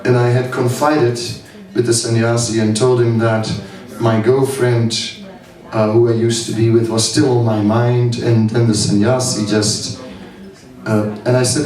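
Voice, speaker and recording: A man who is a monk tells stories at a summer camp seminar, speaking slowly, anecdotally, and with many chuckles. His voice is medium in pitch, level, and somewhat dark. It's captured from far off in an echoey hall with an audience present.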